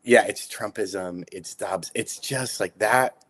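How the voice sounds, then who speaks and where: Halting, lower-voiced man co-host. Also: fairly bright tone. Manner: halting and searching for words, dry humor. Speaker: podcast co-host. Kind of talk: podcast conversation.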